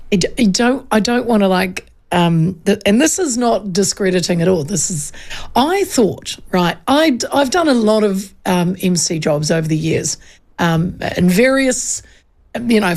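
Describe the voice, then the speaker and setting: A middle-aged woman with a New Zealand accent hosts a radio show, telling stories in casual chat and laughing often. Her voice is medium-pitched with a darkish tone.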